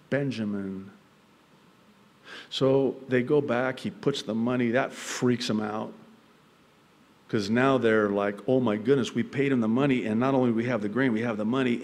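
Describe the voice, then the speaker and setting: A male pastor preaching a sermon, telling the story in a lively way and acting out the characters' quoted lines. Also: mid-range voice. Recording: long reverb of a large hall.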